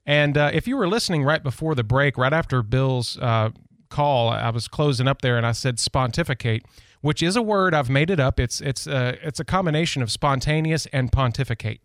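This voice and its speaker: A man's voice: mid-range voice, fairly quick, no echo. A man hosting a local radio talk show in a studio, chatting casually and rambling through personal stories. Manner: chatty, rambling, self-deprecating. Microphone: studio microphone.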